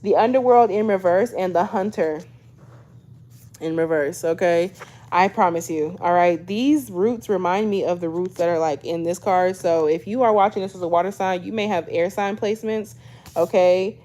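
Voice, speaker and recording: A woman's voice: on the low side, normal speed, mellow. A woman in her twenties doing a casual tarot reading to camera, chatty and loose, tacking a questioning "okay?" onto almost every thought as she mixes read-aloud guidebook passages with slangy asides. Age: 20s. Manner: chatty, checks in with "okay?" constantly. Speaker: tarot reader.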